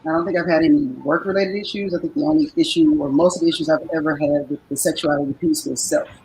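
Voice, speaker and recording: Reflective woman, lots of pauses and restarts, slight background hiss. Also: low voice, fairly even intonation, a little mellow, rough recording. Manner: hesitant, reflective, halting. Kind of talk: casual group chat.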